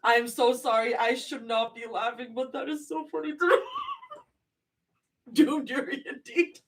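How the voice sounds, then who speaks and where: A woman's voice: on the high side, steady tone, a little slow, far from the mic, low-quality recording. A woman streamer reading fan fiction aloud live and reacting to it, casual and sweary, with apologetic asides.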